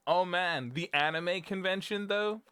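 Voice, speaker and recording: A man's voice: high voice, sharp tone, smooth. A young British man, a streamer, rambling through a casual chat and laughing often. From Britain.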